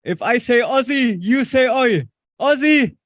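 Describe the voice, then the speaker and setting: A man delegate leading a loud, rhythmic call-and-response chant at a meeting. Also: high-pitched, unhurried, dry recording, studio quality. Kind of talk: shouted group chant.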